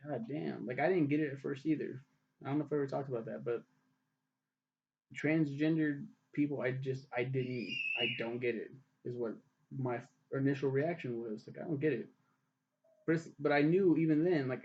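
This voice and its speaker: A man's voice: medium pitch, moderate pace, slight background noise. Profane rambling male TV reviewer. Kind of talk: casual spoken review. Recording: dull lo-fi recording.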